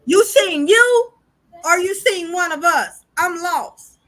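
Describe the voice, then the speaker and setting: A woman hosting a casual spiritual podcast, animated and chatty, talking straight to her listeners. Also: very high voice, takes it slowly. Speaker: podcast host.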